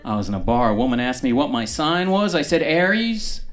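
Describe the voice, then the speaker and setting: Deadpan male stand-up comic, dry delivery. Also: medium pitch, fast, noisy background. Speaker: stand-up comedian. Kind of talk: stand-up comedy set. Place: comedy club stage before a live audience.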